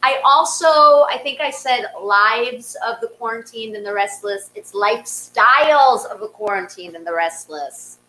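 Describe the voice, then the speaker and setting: A woman's voice: fairly high pitch, a little slow, few pauses, pushed and bright. A woman hosting and telling a casual comic story from her small apartment, chatty and self-mocking with many ums. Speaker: host and storyteller. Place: small home apartment, closet studio. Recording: roomy echo, faint hum.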